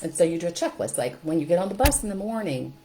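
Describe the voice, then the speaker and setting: A middle-aged woman talks straight to the camera, upbeat and practical, checking in with her listeners as she goes. Her voice sits a little on the low side. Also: sing-song, fast, background noise. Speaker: host. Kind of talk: casual how-to talk to camera.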